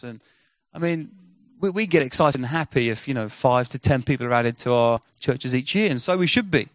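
A man's voice: mid-range voice, brisk, dry recording. Man telling a mission story. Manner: animated storyteller, acts out quoted dialogue. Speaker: missionary speaker. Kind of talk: sermon storytelling.

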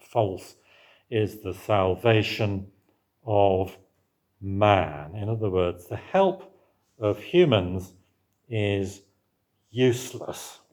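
A man's voice: fairly low pitch, a little mellow. A man preaching a sermon in a conversational way, asking the congregation questions and answering them himself.

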